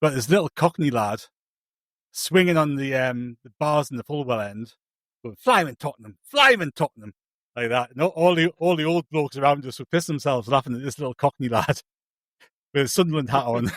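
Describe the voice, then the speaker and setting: A man's voice: medium pitch, a little fast, no room sound. A man, co-hosting a podcast in casual chat, telling stories with many restarts and self-interruptions. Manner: rambling, self-interrupting storyteller. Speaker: podcast co-host.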